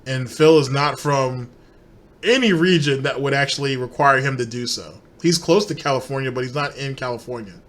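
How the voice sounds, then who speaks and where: A man's voice: mid-range voice, moderate pace, fairly bright tone. A man hosting a commentary show, mocking and laughing at the person in the clips he is reacting to. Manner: sarcastic, laughing at the subject. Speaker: commentary host.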